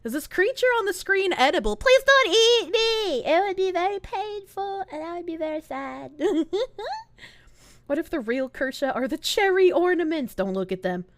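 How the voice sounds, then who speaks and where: High-voiced, playful swearing woman streamer. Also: animated, normal speed. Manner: playful, crude and swearing, reacting to chat. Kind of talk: casual live-stream chat.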